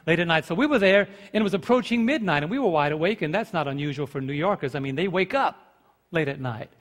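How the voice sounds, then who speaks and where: A man's voice: on the high side, expressive, fast talker, a bit bright, in a large hall. A man pastor preaching a sermon with emphatic delivery and rhetorical questions to his congregation. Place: church sanctuary.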